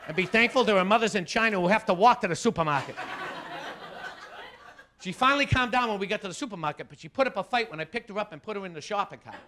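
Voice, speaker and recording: A man with a Boston accent doing a stand-up comedy routine, telling stories animatedly, acting out the people in them and shouting the punchlines. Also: high-pitched, quick pace, noisy background. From Boston area, USA. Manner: animated storytelling, acts out quoted voices, shouting punchlines.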